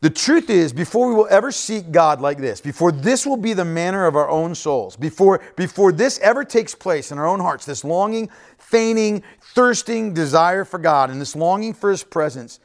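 Male pastor, mid-high voice, animated sermon delivery, chatty and repetitive. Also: normal speed. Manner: conversational preaching, frequent "right?" asides and repeated phrases.

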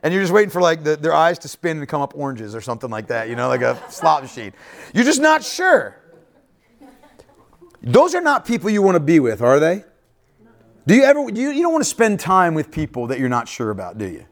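Talking fast with big swings in his fairly high pitch, a man preaches to his congregation. He addresses them directly, tossing in "right?" often and repeating his phrases as a pastor.

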